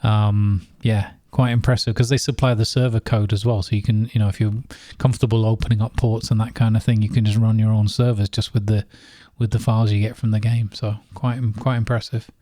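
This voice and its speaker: A man's voice: on the low side, level tone, brisk, hardly any pauses, dark tone, no echo, studio quality. A man co-hosting a casual gaming podcast, rambling along with lots of fillers and restarts. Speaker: podcast co-host.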